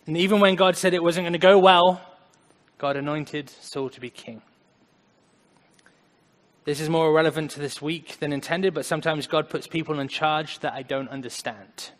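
A man preaching a conversational sermon, earnest, swinging between loud emphasis and quiet asides. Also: fairly high pitch, fairly even intonation, normal speed. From United States. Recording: long hall reverb.

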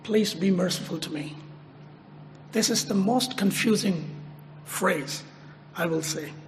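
A man preaching a sermon, slow and emphatic, repeating his phrases and lifting his voice sharply on quoted prayers. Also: sits high, big-room sound, slight background noise.

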